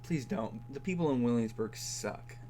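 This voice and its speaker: A man's voice: medium pitch, animated, normal speed, mellow, a little hiss or hum. Young man in his 20s, podcast co-host, sardonic, chatty, rambling. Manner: sardonic, rambling, heavy use of "like". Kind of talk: casual chat.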